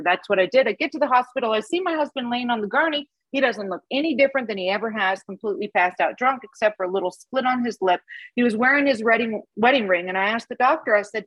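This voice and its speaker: A woman's voice: on the high side, fast, a bit bright, dry recording, poor audio. A middle-aged woman sharing her personal recovery story with a support group, candid, laughing at her past. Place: Dallas.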